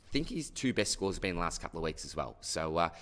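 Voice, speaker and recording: A deep-voiced Australian man runs a relaxed mailbag segment, easygoing and conversational. He talks to each listener like an old mate and tacks a friendly "mate" or "buddy" onto nearly every sentence. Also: fast. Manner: matey and chatty, tags most sentences with "mate" or "buddy". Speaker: fantasy sports host answering listener questions. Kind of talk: casual mailbag Q&A.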